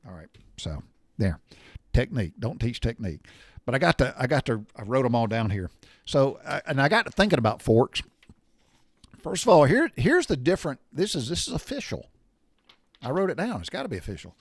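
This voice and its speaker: A man's voice: mid-range voice, very animated, brisk, breathy edge, no echo, studio quality. An older man, telling rambling, folksy home stories with mild cussing. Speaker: storyteller sharing memories. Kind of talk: casual storytelling monologue.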